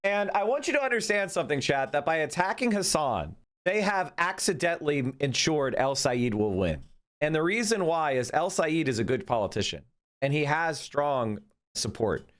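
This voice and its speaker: Animated, sarcastic male streamer. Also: on the high side, normal speed. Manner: animated, sarcastic, swears freely. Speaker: political streamer. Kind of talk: live stream commentary.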